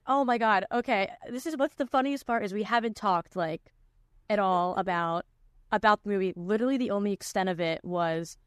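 A woman's voice: medium pitch, a little fast, no room sound, clean studio sound. A young woman hosting a podcast in casual chat, talking with lots of "like" fillers. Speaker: podcast host.

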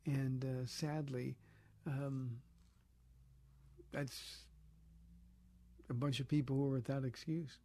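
A man's voice: mid-range voice, little pitch movement, takes it slowly, pauses often, mellow. A man, a pastor, answering callers' Bible questions on a live call-in radio show, in a conversational, thoughtful way with many fillers.

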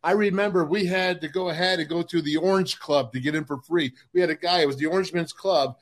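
Folksy guy cohosting a podcast, kinda high voice, keeps nudging the others for stories. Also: fast talker. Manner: folksy, prompts others, says "man" often. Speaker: podcast co-host. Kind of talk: casual chat.

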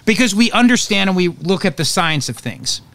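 Male talk host, sarcastic, animated pitch, dry close mic. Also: brisk, creaky, no room sound. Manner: sarcastic, animated, jokey asides. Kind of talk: opinionated talk radio monologue.

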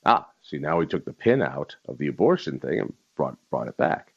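A man's voice: a bass voice, big pitch swings, normal speed, husky, muffled recording. A man hosting a talk radio show, delivering a heated political monologue and stressing key words by repeating them.

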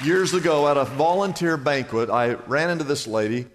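A man's voice: fairly high pitch, moderate pace, crowd noise, background noise. A male pastor preaching an emphatic, conversational sermon full of repetition. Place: church sanctuary. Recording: long church hall reverb.

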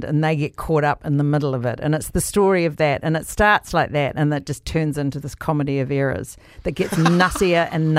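A middle-aged woman with a New Zealand accent, an actor guest telling a story in a lively casual interview. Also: deep voice, dry recording, clean studio sound. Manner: animated, laughing storyteller.

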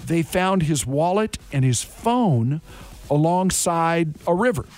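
A man hosts a morning radio show, chatting loosely and cracking quick jokes. His voice sits a little high for a man. Faint music plays underneath. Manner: animated, joking, quick asides. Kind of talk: casual radio chat.

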